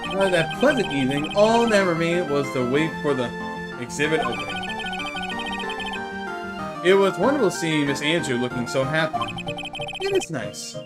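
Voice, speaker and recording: A streamer reads a game's dialogue aloud, taking every part in their own voice and cutting in with asides. The pitch swings lively through the lines, at a middling level overall. Game music plays clearly underneath. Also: normal speed, long pauses. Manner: reads every character's lines in one animated voice and breaks off for asides. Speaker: let's play streamer.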